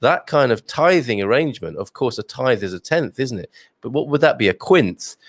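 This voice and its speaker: A man's voice: mid-range voice, lively intonation, normal speed, no room sound. Jokey british guy hosting a live show from home, bouncy up and down voice, dry sound. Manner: chatty and jokey, many fillers. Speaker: livestream host. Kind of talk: casual chat reading viewer comments. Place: home with a wood stove.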